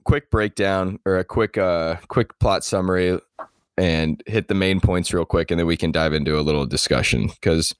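A man's voice: deep voice, moderate pace, clear, resonant tone, no echo, studio quality. A man hosting a podcast in casual chat, rambling and laughing often. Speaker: podcast host.

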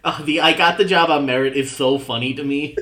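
A man's voice: a little high, steady tone, brisk, bright, forceful tone, roomy sound. A man co-hosting a podcast, chatting casually and laughing often between hesitant restarts. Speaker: podcast co-host reviewing sketch comedy. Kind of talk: casual chat.

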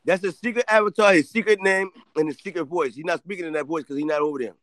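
A man's voice: a little high, fast, a bit bright, no room sound. A man co-hosting a casual chat, teasing and joking crudely.

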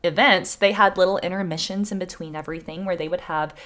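A woman's voice: lowish voice, steady tone, fast talker, fairly bright tone. A young woman co-hosting a podcast, telling a history story in casual, chatty talk and swearing freely. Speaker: podcast co-host.

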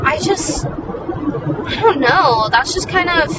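A young woman with a high voice tells a story in a chatty, dramatic, self-mocking way. She sits some distance from the mic. City traffic and a crowd can be heard clearly behind her. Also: expressive, takes it slowly. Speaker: podcast host. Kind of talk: casual storytelling monologue.

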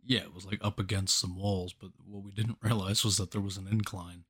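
A young man with a somewhat low voice, cracking jokes and laughing often as he banters with a friend on a podcast. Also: little pitch movement, fairly quick, a bit bright, breathy edge. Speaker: podcast co-host. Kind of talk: casual chat.

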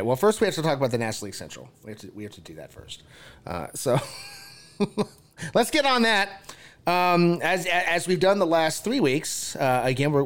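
A man hosting a sports podcast, chatting casually in a laid-back way with loose, folksy phrasing. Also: mid-range voice. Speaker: podcast host.

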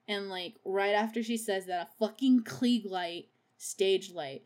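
A woman at a mid-range pitch hosts a podcast and recaps a film scene by scene in loose, casual chat. She swears freely and breaks into giggles, gushing about favorite characters. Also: moderate pace, a little mellow. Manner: profane and laughs often. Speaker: podcast host.

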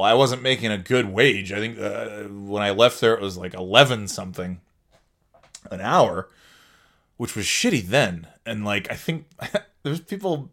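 A man's voice: mid-range voice, a bit bright. A middle-aged man hosting a podcast in casual chat, rambling and restarting sentences, swearing casually and laughing often. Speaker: podcast host.

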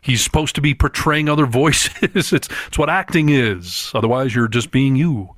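A man's voice: mid-range voice, normal speed, a bit bright, no echo. A man co-hosting a podcast, making his points in an emphatic, argumentative casual chat, close to the mic. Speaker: podcast co-host.

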